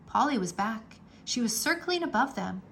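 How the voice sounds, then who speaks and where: A woman reading a children's book aloud in a slow, animated storytelling manner, with a gravelly edge. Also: fairly high pitch, slight background noise. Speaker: read-aloud narrator.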